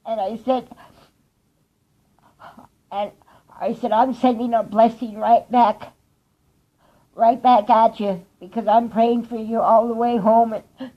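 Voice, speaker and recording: A woman speaks straight to her viewers in a personal vlog, telling her story slowly and earnestly. Her voice sits a little high, and the words come at an unhurried pace. The recording sounds dull and lo-fi. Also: steady tone. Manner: slow, heartfelt storytelling with soft laughs. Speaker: vlogger.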